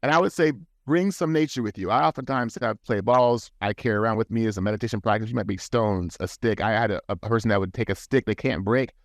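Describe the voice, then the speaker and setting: A man's voice: fairly low pitch, fast, hardly any pauses, dry recording. A man guest on a podcast, talking in an earnest, advising way with frequent restarts, recorded in a studio. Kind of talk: casual podcast talk.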